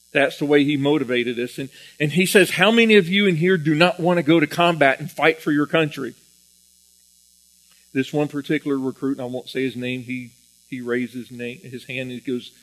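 Earnest preacher man, somewhat high voice. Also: rough recording. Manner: earnest, repeats and restarts words, animated when telling stories. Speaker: preacher and former Marine. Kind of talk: sermon.

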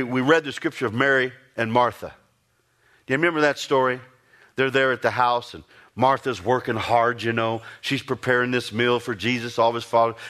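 Bright-voiced man preaching a sermon. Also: medium pitch. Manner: animated storytelling, rising to emphatic peaks; folksy, repeats and restarts phrases.

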